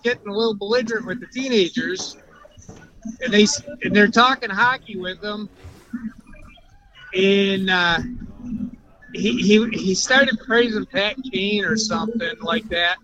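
A middle-aged man on a phone line tells a story in a lively, rambling way, stumbling and restarting as he goes. His voice sits high and sounds bright and forceful. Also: measured pace, long pauses. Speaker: caller, father of the host. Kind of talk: casual storytelling over the phone. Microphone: phone call.

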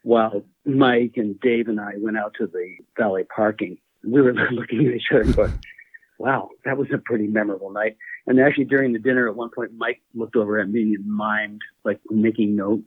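A man's voice: fairly low pitch, fairly quick, hardly any pauses, husky, no room sound. Storytelling man over a tinny line. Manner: relaxed anecdotal, laughs through stories. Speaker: guest. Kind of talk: casual storytelling. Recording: tinny phone-line audio.

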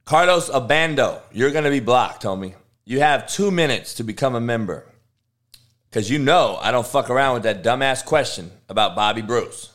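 A man, a football coach on a livestream, answering chat with profane, confrontational rants that swing from low mutters to loud, high tirades. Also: expressive, normal speed. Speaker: football coach streaming live.

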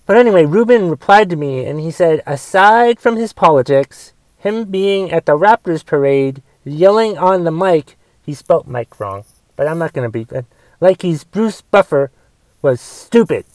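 A man from the United States hosting a casual podcast, his voice sitting a little high for a man. He rants with constant swearing, drifting between low muttered asides and loud, heated tirades. The sound is close and dry, with no room echo. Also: expressive, moderate pace. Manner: profane, swings from mumbled asides to loud angry ranting. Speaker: podcast host.

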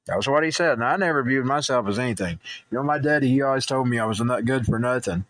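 A man's voice: mid-range voice, fast, fairly bright tone. A man who hosts a political talk show, rambling through personal stories and news commentary, stumbling and restarting, and growing heated.

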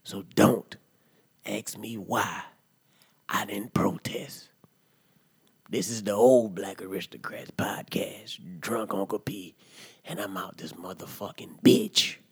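A man playing a rowdy, profane drunk uncle in a comedy monologue, ranting loudly and then dropping to low mutters. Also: unhurried, husky, no echo. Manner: loud profane rant, swings to low mutters. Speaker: comedy podcast character.

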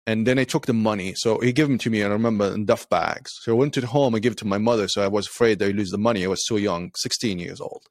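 Man telling a story with halting restarts. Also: on the low side, no room sound, clean studio sound. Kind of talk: casual conversation.

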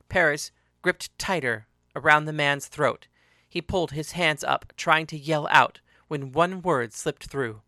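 A man reads a story aloud with steady, expressive delivery. His voice sits a little high and sounds bright and forceful. The recording is dry and close, with no room sound. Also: measured pace, no echo. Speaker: narrator. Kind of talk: storytelling narration.

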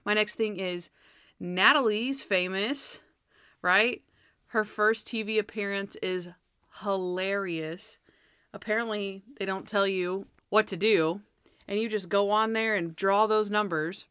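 A young woman chatting casually as a co-host, retelling TV scenes with lively acted-out voices for the characters. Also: medium pitch, unhurried, clean tone, dry recording, studio quality. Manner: animated retelling, acting out quoted characters in changed voices. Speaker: podcast co-host. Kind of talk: casual chat.

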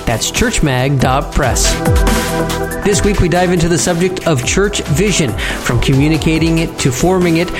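A man's voice: fairly high pitch, moderate pace, over music. A man hosting a church tech podcast, chatting and teasing his co-hosts in casual banter. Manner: joking, teasing. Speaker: podcast host.

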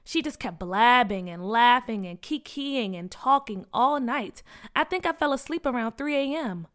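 A sleepy schoolgirl , as a woman voices her, grumbles her lines. Her voice is high and bright. She is a storybook kid who dislikes mornings. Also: lively intonation, normal speed. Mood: grumbly. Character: tired grumbling schoolgirl Peach.

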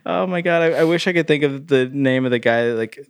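A man's voice: medium pitch, fairly quick, smooth, no room sound. A man co-hosting a podcast, chatting casually about a movie, rambling with frequent laughter and swearing. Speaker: podcast co-host. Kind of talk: casual movie review chat.

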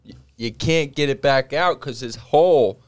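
A man in casual chat, explaining things at length in a deadpan way. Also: medium pitch, normal speed, clean tone.

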